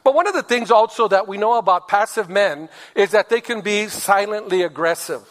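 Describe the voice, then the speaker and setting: A male pastor delivers a sermon with a high voice, hammering points home and calling for amens. The sound rings with a long reverb from a church sanctuary. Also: fairly quick, a bit bright. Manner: emphatic, repeats phrases, calls for amens.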